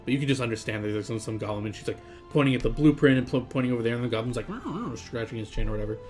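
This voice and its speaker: A man's voice: mid-range voice, steady tone, very fast, darkish tone, soft background music. Rambling man running a tabletop game. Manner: rambling, full of um and like. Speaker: game master.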